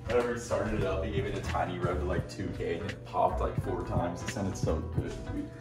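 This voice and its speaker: A man's voice: low voice, fairly even intonation, a little fast, roomy sound, distant mic, over loud music. A young man in casual chat, grumpy and groggy, swearing and feeling woozy. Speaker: friend.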